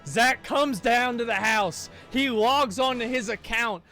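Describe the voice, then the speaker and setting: A man telling a casual story in an animated, profane way, acting out his friends' quoted lines. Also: very high-pitched, measured pace, faint music behind.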